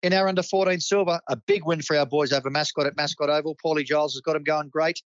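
A man's voice: fairly high pitch, steady tone, quick pace, dry recording. Australian male club host, enthusiastic mate-to-mate delivery, dry lo-fi recording. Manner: enthusiastic, matey. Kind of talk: community sports club roundup.

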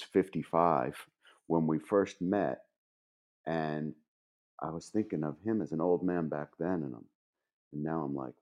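Deep-voiced man in his fifties. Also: measured pace, dull audio. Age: 50s. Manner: animated, laughing anecdote teller with many restarts. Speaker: podcast guest. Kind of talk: casual storytelling.

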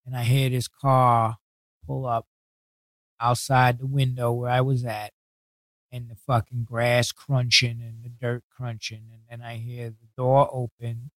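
A man's voice: medium pitch, level tone, dry recording. A man with a New York accent, a guest telling stories from his past in a casual interview. He swears heavily and talks bluntly, acting out what other people said. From New York City. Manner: heavy swearing, blunt street talk; acts out others' words in quick retellings.

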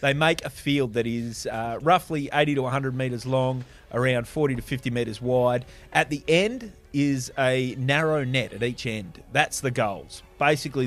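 A man on a podcast panel, explaining a sport in casual chat with lots of fillers and restarts. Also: medium pitch. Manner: rambling explainer with many fillers.

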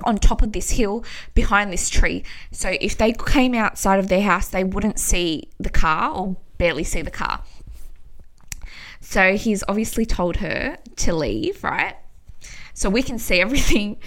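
A young woman recounting a personal story in a loose, chatty way. She swears freely and performs everyone's lines as she tells it. Her voice sits at an ordinary middle pitch. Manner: animated, swears often, acts out quoted dialogue. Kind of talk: casual storytime.

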